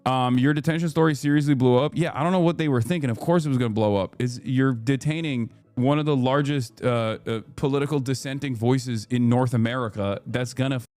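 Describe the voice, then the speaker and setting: A man in his thirties chats on a live stream, telling stories in a lively, cursing, ranting way. His voice sits at an ordinary middle pitch, and faint music plays underneath. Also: brisk. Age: 30s. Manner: animated, profane storytelling, ranting. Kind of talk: casual live-stream chat.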